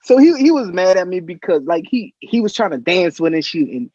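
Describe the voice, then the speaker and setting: Dude guesting on a podcast, rambling, kinda muffled dry sound. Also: male voice, high voice, sing-song, brisk, darkish tone, no echo. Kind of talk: casual storytelling chat.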